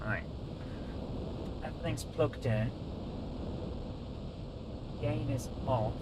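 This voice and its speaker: A man's voice: medium pitch, extremely slow, very noisy. A British man hosting a live stream, chatting casually and grumbling while he fiddles with his audio settings.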